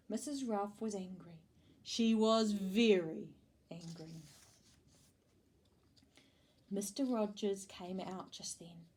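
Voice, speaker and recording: A woman with a New Zealand accent reading a children's storybook aloud, with an expressive delivery and small slips and restarts. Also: medium pitch.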